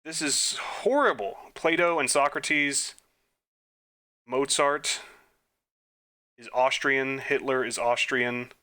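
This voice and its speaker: A man talks his way through an online history quiz, muttering guesses under his breath. His voice is bright and forward, and he breaks into flustered, self-mocking outbursts. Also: medium pitch, slow, pauses often. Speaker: gaming YouTuber. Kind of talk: quiz playthrough commentary.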